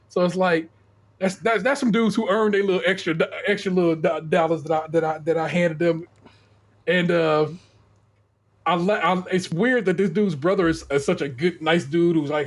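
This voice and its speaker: A man's voice: high voice, lively intonation, fast talker. A middle-aged man on a podcast, casually telling a profane story and acting out the people in it. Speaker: podcast co-host.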